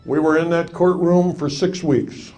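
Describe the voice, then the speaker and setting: A man's voice: a little high, fairly even intonation, unhurried, warm tone. An older man telling a courtroom story to a live audience in a folksy, wry way, landing punchlines and acting out quotes.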